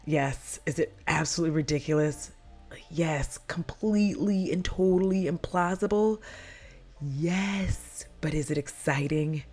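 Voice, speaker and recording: A woman's voice: sits low, measured pace, a little mellow, faint music behind. A woman hosting a casual movie recap vlog, giggly and rambling, with plenty of swearing.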